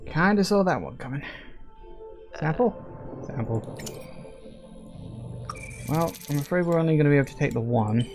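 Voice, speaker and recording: A man commenting casually on a game as he plays, musing aloud and softly reading out on-screen text. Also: on the high side, animated, moderate pace, long pauses, faint music behind. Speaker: let's-play gamer.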